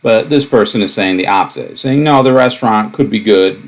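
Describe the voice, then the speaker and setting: Low-voiced man giving a math lecture. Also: brisk, rough recording. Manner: relaxed and explanatory, with many fillers and asides. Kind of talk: recorded lecture.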